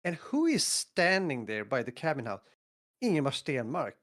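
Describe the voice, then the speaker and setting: A man in his fifties from northern Sweden with a Swedish accent, telling stories in a casual podcast chat, acting out quotes and laughing often. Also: normal speed. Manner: animated, acts out quotes with big pitch jumps, laughs often. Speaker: podcast co-host.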